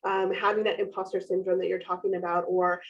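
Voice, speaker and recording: A woman's voice: fairly low pitch, level tone, a little fast, highs cut off. A woman moderating a panel discussion who introduces speakers and responds to them in an upbeat, affirming way.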